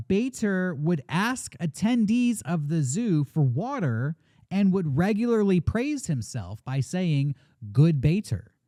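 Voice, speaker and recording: A man's voice: fairly high pitch, mellow, no echo, studio quality. A man hosting a podcast, telling a story in a chatty, joking way with lots of ums and uhs. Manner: chatty and jokey, with many fillers. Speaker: podcast host.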